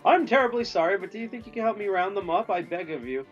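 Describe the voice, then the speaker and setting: An eccentric, fussy male Pokemon professor with a formal, theatrical put-on accent and a lively, sing-song pitch, as a streamer reads him out. The audio is a little muffled, with faint game music behind. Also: fast. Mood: pleading.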